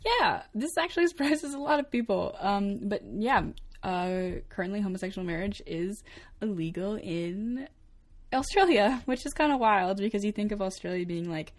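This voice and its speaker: A woman's voice: mid-range voice, animated, moderate pace. A young adult woman co-hosting a casual talk show, chatty, with frequent laughs and fillers. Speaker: co-host. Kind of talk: casual chat.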